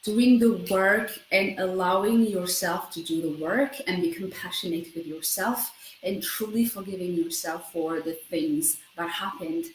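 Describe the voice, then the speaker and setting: A woman in her thirties talking fast in a personal self-help vlog, often breaking off mid-sentence and adding "right?". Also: lowish voice, roomy sound, a little hiss or hum, poor audio. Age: 30s. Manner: fast, self-interrupting, keeps asking "right?". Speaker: vlogger.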